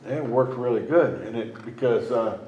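A man's voice: medium pitch, dark tone, reverberant, highs cut off, slight background noise. Man sharing his recovery story, rambling. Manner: rambling, halting, with many restarts and fillers. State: emotional at times. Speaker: recovery meeting speaker. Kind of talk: personal testimony.

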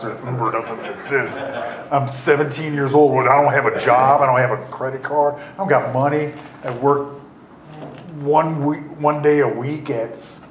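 Middle-aged guy telling his recovery story, wry and rambling, lots of uh's, room echo and a little hiss. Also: mid-range voice. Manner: rambling, wry, full of fillers and restarts. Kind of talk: casual spoken storytelling. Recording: roomy echo, faint noise.

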